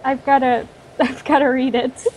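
A soft-spoken, shy woman chatting quietly with friends during an online game. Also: high voice, little pitch movement, moderate pace, a little hiss or hum, poor audio. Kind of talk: casual gaming chat.

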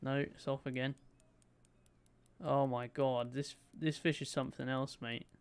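A young man streaming a game, commentating excitedly and chatting to his viewers. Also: mid-range voice, a little slow, clear, resonant tone. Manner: excitable, chatty, talks to his chat, swears lightly. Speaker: gaming streamer.

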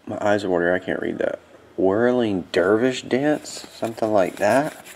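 Hosting a card break, a man with a lowish, darkish voice sounds sleepy, yawning with watery eyes. He calls out card names casually, drowsily rattling them off in quick bursts.

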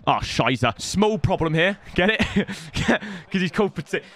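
A young man giving loud, joking commentary over a football video game, swearing often and putting on silly voices. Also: high voice, lively intonation, measured pace, no room sound. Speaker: gaming YouTuber. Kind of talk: energetic gameplay commentary.

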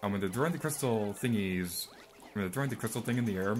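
Young man, let's play commentary, rambling, sarcastic asides, lowish voice, faint background hum. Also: fast. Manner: rambling, filler-heavy, mildly sarcastic. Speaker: gameplay commentator.

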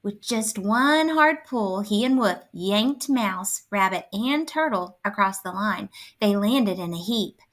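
A woman hosting a children's story time, reading a picture book aloud. Her narration is clear and expressive, at a medium pitch that sits in the middle for a woman. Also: takes it slowly, few pauses.

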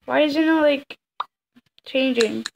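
With background noise behind her, a woman with a high, gravelly voice casually comments at a measured pace while playing a story game. She excitedly reads the choices aloud and exclaims often in this let's-play commentary.

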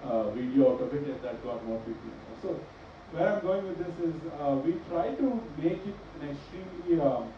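A man's voice: on the high side, a little fast, background noise. A middle-aged man speaking on a panel, joking and telling stories with sarcastic asides. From India. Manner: joking, sarcastic, animated storytelling. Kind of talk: panel discussion. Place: large echoey event hall. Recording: echoey hall recording from far off, dull.

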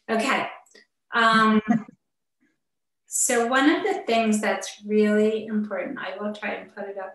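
A therapist speaking earnestly and personally to parents in an online talk, with muttered asides, heard over a video call. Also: female voice, mid-range voice, takes it slowly, a bit bright. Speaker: therapist giving a parenting webinar. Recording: echoey room, far from the mic.

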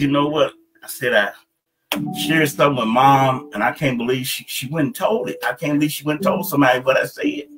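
A man with a somewhat high voice delivers a sermon as a story, stopping and restarting mid-phrase. He acts out the people he quotes by jumping his pitch up. Faint instrumental music plays underneath. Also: a bit bright, low-quality recording. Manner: halting, repeats words, rises into higher pitch for quoted voices. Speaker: preacher.

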